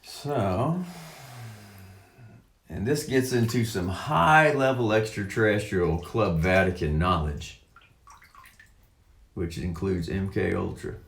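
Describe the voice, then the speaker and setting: Deep-voiced man, unhurried and halting, drawn-out words and fillers, reading and riffing in a reverberant room. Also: vocal fry, fairly bright tone, a little hiss or hum. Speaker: online commentator. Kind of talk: rambling monologue reading and commenting on a text.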